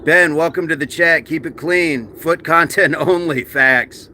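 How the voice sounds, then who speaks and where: A man's voice: fairly high pitch, pushed and bright, faint music behind. A man hosting a casual livestream, reading viewer comments aloud and answering them in a chatty, joking way while he does push-ups. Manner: chatty and joking, with quick asides and restarts. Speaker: livestream host.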